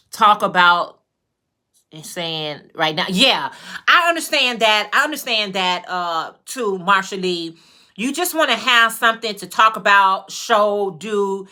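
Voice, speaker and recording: A woman's voice: mid-range voice, pushed and bright. A woman from Chicago with a Chicago accent, chatting casually with her viewers on a livestream while she crochets hats. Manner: chatty, greets viewers by name, drawn-out phrases. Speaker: livestream host and crochet maker.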